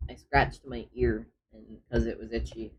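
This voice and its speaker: A man's voice: mid-range voice, little pitch movement, moderate pace, muffled recording, a little hiss or hum. A man chatting on a live stream as he draws, often muttering his steps to himself as he works. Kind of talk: casual live-stream chat while drawing.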